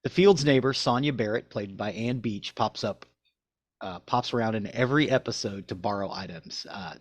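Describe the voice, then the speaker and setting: A podcast co-host with a somewhat low male voice reads his notes aloud and then drifts into loose chat. He is recorded close to the mic in a dry room with no echo. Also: moderate pace. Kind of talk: reading show notes and casual chat.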